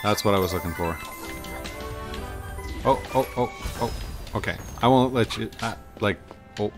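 A man's voice: lowish voice, normal speed. A man hosting a casual let's-play video, rambling and self-deprecating as he plays. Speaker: gaming video host. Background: game music.

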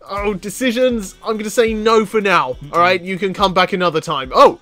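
A man commenting excitedly on a video game, often reading character lines aloud. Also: high voice. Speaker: gaming YouTuber. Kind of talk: let's play commentary. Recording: faint background game music.

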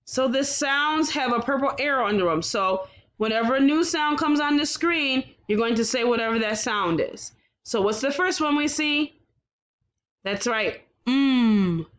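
A woman teaching a phonics lesson to young children, sounding out words slowly and praising often. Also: high-pitched, lively intonation, a bit bright.

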